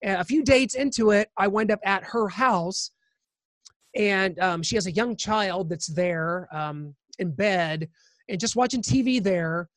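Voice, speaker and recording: A man's voice: high voice, unhurried, fairly bright tone, no echo, studio quality. A man co-hosting a podcast, telling a story in a casual, rambling way with many asides. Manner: rambling, with many fillers and restarts. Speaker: podcast co-host.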